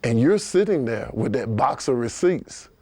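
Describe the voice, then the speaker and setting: A middle-aged man giving an instructional sales training talk, explaining steps energetically and acting out customer dialogue in lively voices. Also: medium pitch, moderate pace, no room sound.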